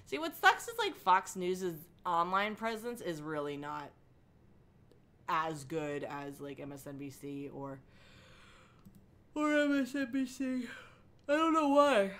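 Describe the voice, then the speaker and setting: A young woman talks casually on a home livestream, her speech halting and rambling with many fillers. Her voice sits a little low but has a bright, forward ring. She sounds at ease on her living room couch. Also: sing-song. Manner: rambling, halting, with frequent ums and likes. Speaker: livestream host. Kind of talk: casual chat reading chat messages.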